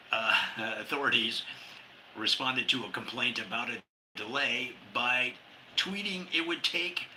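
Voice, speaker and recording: A man hosting a humor podcast, reading his jokes and a comic essay, laughing at his own lines and jumping up in pitch for quoted characters. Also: bright, forceful tone, slight background noise, poor audio.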